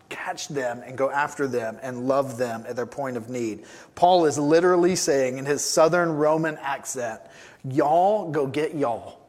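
A man pastor preaching a sermon, emphatic and given to repeating his key phrases. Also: medium pitch.

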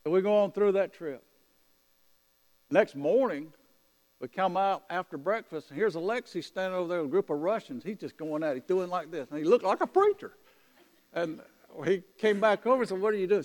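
A high-pitched man preaches through a story, acting out each exchange of dialogue. The long reverb of a large hall trails after his words. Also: normal speed. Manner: animated anecdotal telling with quoted dialogue. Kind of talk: sermon storytelling.

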